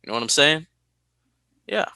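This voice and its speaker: A man from California co-hosting a casual podcast, animated and quick to laugh as he reads listener mail. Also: mid-range voice, no echo. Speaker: podcast co-host.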